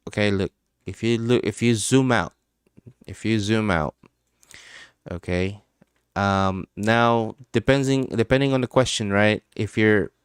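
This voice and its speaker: A low-pitched man with a smooth, resonant voice chats loosely on a live stream, laughing often and swearing freely. He's recorded close and dry, with no room sound. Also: unhurried, no room sound. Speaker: crypto trading livestream host. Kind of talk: casual live-stream chat.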